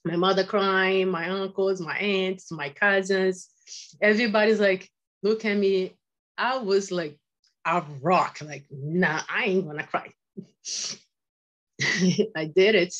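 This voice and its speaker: Slow-spoken woman guest, lo-fi sound. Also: mid-range voice, steady tone. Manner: halting, reflective, with repeated phrases and non-native grammar. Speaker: podcast guest. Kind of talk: emotional personal storytelling.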